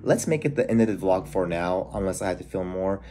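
Low-voiced young man chatting to camera. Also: expressive, fairly quick, dark tone, slight background noise. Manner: chatty, keeps saying "you guys". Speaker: vlogger. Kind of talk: casual vlog chat to camera. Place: home apartment kitchen.

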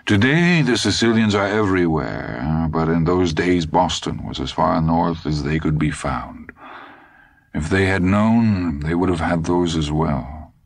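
Older man, cynical fugitive in an audiobook, low and unhurried, dry sneer, done by a male reader. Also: animated, dry recording, heavily acted. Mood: sardonic. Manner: dry, sardonic, measured.

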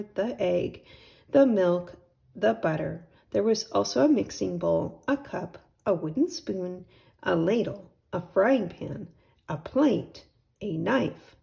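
A woman reads a children's picture book aloud at a slow, gentle pace. Her voice has a strong gravelly fry and a husky, breathy grain. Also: on the low side. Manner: gentle, unhurried storytelling. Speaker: storytime host.

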